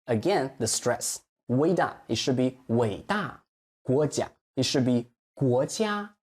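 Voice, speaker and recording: Lively-voiced Mandarin teacher, man. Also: mid-range voice. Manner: slow, exaggerated modeling of Chinese phrases. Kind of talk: pronunciation lesson.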